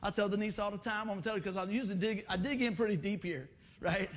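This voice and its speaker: A man preaching a sermon, lively and acting out little everyday scenes with voices. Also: high-pitched, quick pace. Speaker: pastor.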